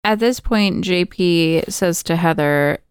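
Clear-voiced woman chatting on a podcast. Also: on the low side, takes it slowly, no room sound. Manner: chatty storytelling, many "like" fillers. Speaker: podcast co-host. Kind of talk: casual film recap chat.

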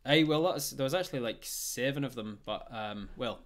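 A man voicing a polite, hesitant male dwarf adventurer who talks in halting, stammering bursts. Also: medium pitch, lightly acted. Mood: modest.

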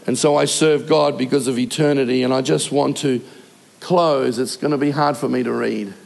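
Older man, pastor, heartfelt sermon delivery with pauses; gravelly voice. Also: medium pitch, darkish tone. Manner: earnest, emotional preaching with short pauses.

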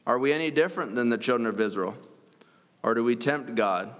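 A man's voice: medium pitch, a little fast, fairly bright tone. A man preaching a sermon, reading scripture aloud in an earnest way and chuckling now and then. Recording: long church reverb.

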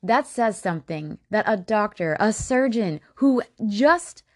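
A woman's voice: medium pitch, expressive, unhurried, no echo, clean studio sound. A woman hosting a podcast, narrating true crime casually, blunt and emotionally invested, swearing freely. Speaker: podcast host.

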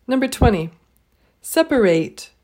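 A woman leading a pronunciation drill, saying each word twice, clearly and slowly. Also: fairly high pitch, very animated, warm tone. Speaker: pronunciation teacher. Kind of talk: slow, deliberate pronunciation drill.

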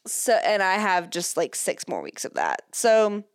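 A woman's voice: mid-range voice, huge pitch swings, unhurried, clean tone, no echo, clean studio sound. A pregnant young woman hosting a podcast, chatting candidly with lots of fillers and little laughs. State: pregnant, third trimester. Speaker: podcast host. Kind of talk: casual chat.

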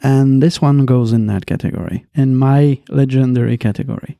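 A man co-hosting a casual podcast chat, speaking in a halting, hesitant way. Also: mid-range voice, creaky, dark tone, dry recording. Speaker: podcast co-host.

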